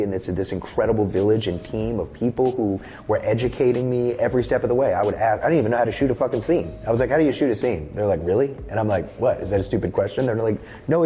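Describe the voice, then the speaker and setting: A man's voice: lowish voice, mellow. A man in his thirties talking in a casual interview, loose, candid and often swearing. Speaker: musician and film director, guest.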